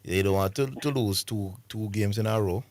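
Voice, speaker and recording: Man, Jamaican accent, very deep voice, sports radio co-host, laid-back, emphatic, dry sound. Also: moderate pace, a little mellow, no echo. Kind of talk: casual sports chat.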